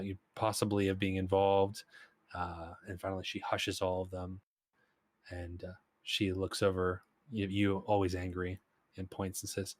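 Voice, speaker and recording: Low-voiced male game master, rambling narration, dry close mic. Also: dry recording. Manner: rambling, lots of fillers.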